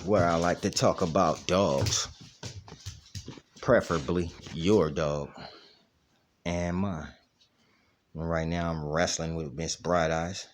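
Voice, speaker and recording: Low-pitched man hosting a home dog vlog on camera, rambling and casual, asking "you know what I mean" a lot. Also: steady tone, slow pace, long pauses, slight background noise. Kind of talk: casual chat. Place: at home, indoors.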